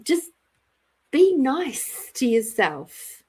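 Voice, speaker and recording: Her voice sits high and is husky and a little mellow, with big pitch swings and drawn-out words. She's a middle-aged Australian woman hosting a casual live-stream card reading as an intuitive reader, giggling, chatting and greeting viewers by name.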